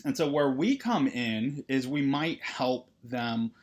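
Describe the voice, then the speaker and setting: Therapist lecturing counseling students, medium-pitched male voice, relaxed and conversational, peppers his talk with "right?". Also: slow pace. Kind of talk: recorded lecture.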